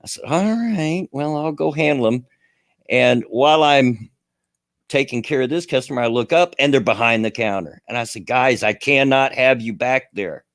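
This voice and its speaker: A man's voice: medium pitch, normal speed, fairly bright tone, no room sound, clean studio sound. A man hosting a radio show, telling a rambling story in casual chat, chuckling often and full of fillers.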